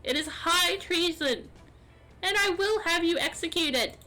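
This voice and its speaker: A woman voicing a haughty young merfolk princess, shrill and indignant, shouting insults while reading game dialogue aloud. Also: a little slow, faint music behind, full character voice. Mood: imperious.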